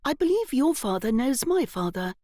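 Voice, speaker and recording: A woman's voice: high-pitched, big pitch swings, moderate pace, dark tone, dry recording, studio quality, pitched above the performer's own voice. A woman voicing a severe young aristocratic lady speaking haughtily. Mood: commanding.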